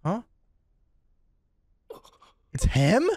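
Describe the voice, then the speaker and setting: A man's voice: high-pitched, extremely slow. Wildly swinging, profane male anime reactor. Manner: excitable, profane, yells at the screen. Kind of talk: casual reaction commentary.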